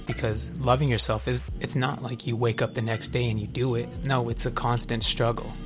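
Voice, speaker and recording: Earnest young man, flat low-key voice. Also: moderate pace, music in the background. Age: young adult. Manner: earnest, confessional, many fillers and restarts. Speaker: person sharing his recovery story. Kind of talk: candid personal testimony.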